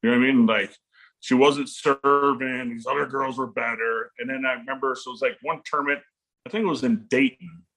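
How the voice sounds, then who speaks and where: Husky man telling animated stories. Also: a little fast. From Illinois. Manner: animated, acts out quotes with jumps in pitch. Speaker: guest, parent of a volleyball recruit. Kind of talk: casual storytelling.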